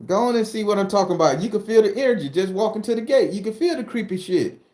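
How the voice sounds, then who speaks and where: A man's voice: high-pitched, lively intonation, fast, darkish tone, reverberant. A middle-aged man from southern Florida hosting a spooky-story channel, chatting casually and joking with live viewers in a loose, profane way. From southern Florida, USA. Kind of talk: casual live-stream chat answering viewers.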